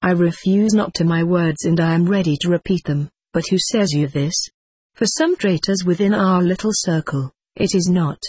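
A reader voicing a calm, firm accused man answering a court in an audiobook, with a husky tone. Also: sits high, moderate pace, dry recording. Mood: quietly firm.

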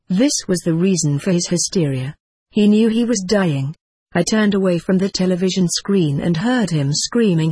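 A narrator reading a first-person story in a measured, steady way. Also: mid-range voice, husky, no room sound.

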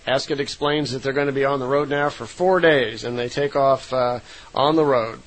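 A man's voice: medium pitch, fairly even intonation, normal speed, low-quality recording. A man retelling a story in a loose, unscripted way, with frequent fillers and self-corrections. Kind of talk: casual spoken retelling.

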